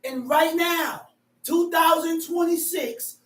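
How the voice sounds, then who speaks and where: Man, high voice, slow, preaching loudly, emphatic, repeats words, distant mic, echoey room. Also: fairly even intonation. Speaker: teacher. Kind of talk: street preaching.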